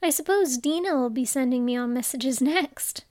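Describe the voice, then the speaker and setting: A woman's voice: high-pitched, moderate pace, darkish tone, no echo, studio quality, close to an everyday voice. A woman reading as earnest young Alice. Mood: musing. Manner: earnest, talking to herself.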